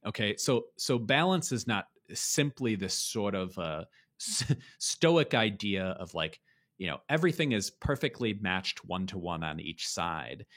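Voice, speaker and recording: Low-voiced man in a loose lecture. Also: big pitch swings, unhurried, fairly bright tone. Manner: thinks aloud with frequent restarts and tag questions. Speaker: speaker explaining ideas on beauty and art. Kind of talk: conversational lecture.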